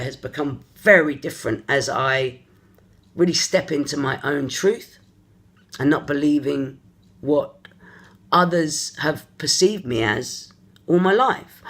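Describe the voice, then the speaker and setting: Spiritual coach type rambling openly to camera, stops and restarts a lot, mid pitch. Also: a bit bright. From London, England. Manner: earnest, searching, thinks aloud in halting phrases. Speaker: energy therapist and spiritual coach. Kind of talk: personal confessional vlog.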